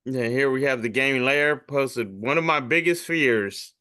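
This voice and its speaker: Bright-voiced man reading memes. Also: medium pitch, measured pace, clean tone. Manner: loose, profane, jokey; comedian. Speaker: podcast host reading memes. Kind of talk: casual comedic meme reading.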